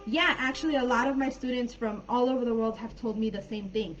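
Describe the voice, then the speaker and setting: A woman teaching English in a live online class, friendly and chatty, laughing often and filling pauses while she thinks. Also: fairly high pitch, a little hiss or hum. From California. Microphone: video call. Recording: dull lo-fi video call audio.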